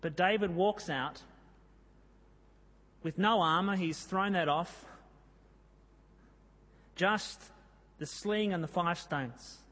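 A man with a high voice preaches in a church hall, where his words trail off in a long reverb. He tells the story in a lively way and reads scripture with drama. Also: slow pace, pauses often. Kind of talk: sermon.

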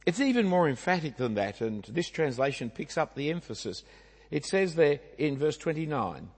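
Australian man, preacher, lively pitch, husky voice, long hall reverb. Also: normal speed. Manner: conversational, rhetorical asides and tag questions. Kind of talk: sermon.

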